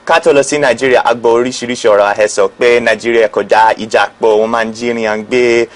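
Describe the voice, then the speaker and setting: A man's voice: mid-range voice, steady tone, racing. A man in an interview clip, speaking carefully in a language he learned as a visitor.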